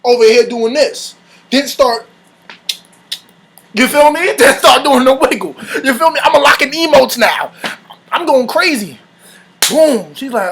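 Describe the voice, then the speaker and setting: A young man hosting his own channel, telling a story in casual storytime style, animated and full of slang, often breaking into laughs. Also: very high-pitched, unhurried, pauses often, a crowd in the background. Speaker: channel host.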